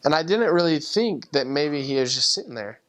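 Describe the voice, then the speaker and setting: A man's voice: on the high side, lively intonation, moderate pace, a bit bright. A young man, a returned missionary, earnestly telling a personal story with heartfelt emotion and frequent restarts.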